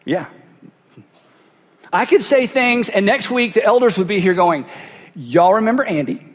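A man's voice: high voice, measured pace, a little hiss or hum. A man preaching a sermon as pastor, speaking into a cheek microphone and emphatically repeating phrases for effect. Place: church sanctuary. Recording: long hall reverb.

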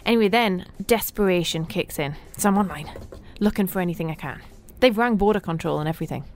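A woman presenting on a radio show, telling animated, laughing anecdotes in a chatty way in a studio. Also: on the low side, fast talker, a little hiss or hum. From Britain.

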